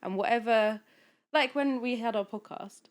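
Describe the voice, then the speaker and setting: A woman speaking as a podcast guest, a coach talking in a soft, flowing, earnest way with many fillers. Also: fairly high pitch, moderate pace. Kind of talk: casual podcast conversation.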